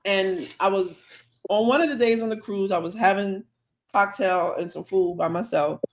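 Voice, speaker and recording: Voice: medium pitch, normal speed. A podcast co-host telling a long, chatty anecdote in casual conversation, acting out the dialogue along the way. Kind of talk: casual storytelling.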